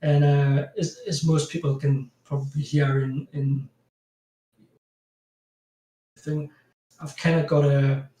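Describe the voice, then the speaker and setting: Fairly high but dark in tone, this man's voice barely moves in pitch and runs a little slow, with a slight hiss or hum on the track. He's a graphic designer with a strong Geordie accent from North East England, guesting on a podcast for a casual chat full of rambling, laughter and "you know" fillers, recorded in a roomy space at a distance from the mic.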